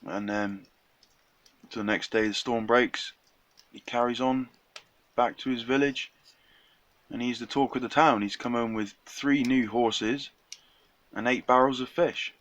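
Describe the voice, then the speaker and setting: A man's voice: mid-range voice, steady tone, a little slow, pauses often, fairly bright tone, dry recording, lo-fi sound. A young man casually retelling a folk tale in a chatty, slangy way, acting out the characters' lines. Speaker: storyteller.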